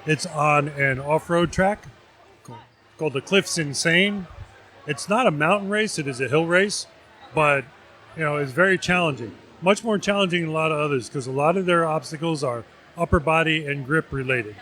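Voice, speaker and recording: A man from New Jersey with a slightly raised pitch explains his organizations step by step. His delivery is measured and informative, like a vendor talking at a booth. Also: bright, forceful tone. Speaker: vendor representative. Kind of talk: casual interview.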